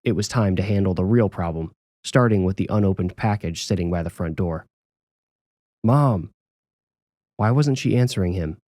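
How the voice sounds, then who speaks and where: A man narrating a scripted horror story in a measured, calm way. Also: low voice, dry recording. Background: music.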